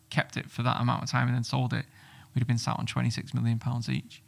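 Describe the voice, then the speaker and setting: A middle-aged man with a gravelly, fry-edged voice. He speaks bluntly and swears freely, telling stories in an animated way as a podcast guest. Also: medium pitch, fast. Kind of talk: casual podcast chat.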